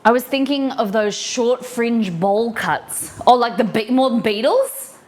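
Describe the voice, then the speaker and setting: A woman's voice: fairly high pitch, unhurried. A woman hosting a live cooking stream, chatting casually with her viewers as she reads out a recipe and works in the kitchen. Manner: chatty, answers chat while cooking and reading a recipe aloud. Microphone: streaming mic.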